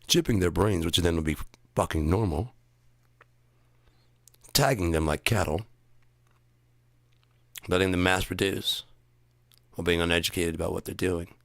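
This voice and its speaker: Man, deep voice, bright sharp tone, sarcastic, profane, dry sound. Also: moderate pace, gravelly, pauses often, no echo. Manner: profane, mocking, slips into put-on voices. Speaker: comedic commentator. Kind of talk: sarcastic solo rant.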